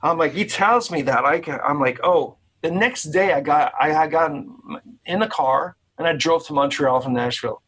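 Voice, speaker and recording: A man's voice: a little high, moderate pace, a bit bright, husky, low-quality recording. A man with a Quebec French accent, a guitarist guest on a video call interview, telling a story in a rambling way with many restarts. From Quebec, Canada.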